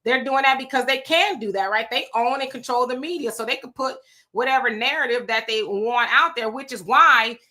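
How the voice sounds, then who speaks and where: A woman hosting a casual livestream, reading viewer comments and answering them in an animated, preachy way. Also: fairly high pitch, normal speed. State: sweating.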